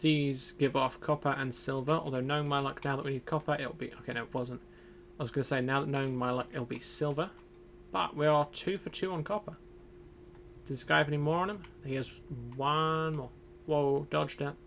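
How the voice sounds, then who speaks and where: With a fairly high, steady, slightly bright voice edged with vocal fry, a young gaming streamer talks briskly through a survival game. He thinks aloud casually and mutters to himself, and there's a little hiss or hum.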